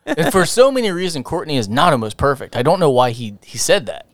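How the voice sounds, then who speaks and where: A man's voice: on the high side, very animated, fairly quick, no room sound, clean studio sound. A man chatting casually about a movie, joking and swearing, often laughing.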